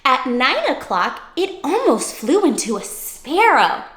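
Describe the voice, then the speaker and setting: A woman giving an expressive, interactive picture-book read-aloud for children, pausing to ask them questions. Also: high voice. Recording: roomy echo.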